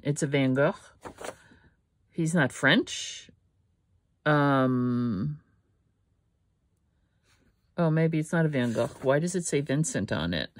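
A woman's voice: sits low, slight background noise. An older woman hosting a casual craft vlog from her home studio, rambling and correcting herself as she thinks aloud. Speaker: craft channel host.

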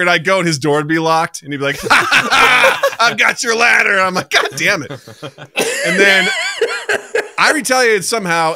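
A man in his forties hosting a podcast, telling a story in a casual, animated way and often laughing as he talks. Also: on the high side, clear, resonant tone. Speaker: podcast host.

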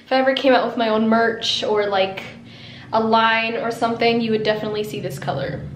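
A woman's voice: a little high, fairly even intonation, fairly quick, a little hiss or hum. A woman in her twenties with a Canadian accent, chatting casually to camera at home for her vlog, full of giggles and "like" fillers. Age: 20s. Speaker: vlogger. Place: at home in an apartment.

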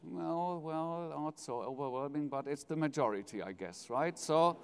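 Middle-aged German-accented man, podium welcome speech, measured and jovial, big reverberant hall. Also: on the high side, gravelly, a little hiss or hum. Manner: measured, jovial, polls the audience. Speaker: foundation president giving opening speech. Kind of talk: formal welcome speech with light humor. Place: large university hall, live audience.

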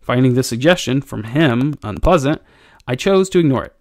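A man's voice: medium pitch, no echo. Teacher guy reading a chapter aloud, medium voice, real dry close sound. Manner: measured, expressive storytelling. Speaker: teacher reading to his class. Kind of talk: audiobook narration.

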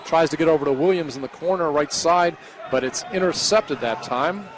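A man calling basketball play-by-play, mixing quick calls with chatty asides. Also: fairly high pitch, rough recording. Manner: chatty calls mixed with banter. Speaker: play-by-play commentator.

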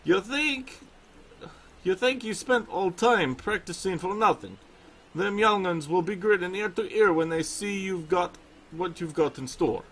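Kindly chatty bear trainer read by a man, put-on Russian accent, raised pitch, husky, game dialogue. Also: unhurried, heavily acted. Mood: reassuring. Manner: homespun, old-fashioned turns of phrase. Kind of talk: reading game dialogue aloud.

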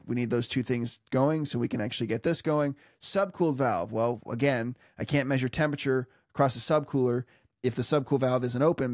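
A man teaching an HVAC lesson in an animated, playful way, with theatrical asides and sung sound effects. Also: mid-range voice, dry recording, clean studio sound. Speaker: HVAC instructor. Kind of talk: animated technical tutorial.

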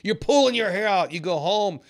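A man teaching a trading seminar in an animated way, laughing often and acting out traders' reactions. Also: high voice, fairly quick. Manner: animated, acts out traders' reactions in quoted voices; laughs often while explaining. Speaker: trading educator.

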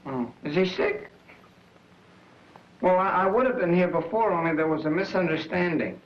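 A man's voice: sits high, expressive, normal speed. A young man playing an eager, awkward teenage boy in a 1940s film, talking politely and hesitantly. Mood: flustered. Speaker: film lead. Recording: roomy, dull 1940s film soundtrack.

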